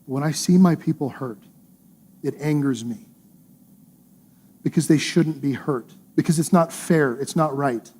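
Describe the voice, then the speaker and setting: A man's voice: fairly high pitch, a little slow, long pauses, a little mellow, husky. A male pastor preaching a sermon in an earnest, conversational way, using emphatic repetition.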